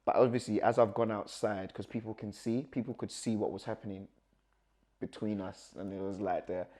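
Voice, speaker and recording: Fairly quick and on the low side, a young man's voice animates a personal story he tells as a guest. He acts out what people said and punctuates it with nervous laughter.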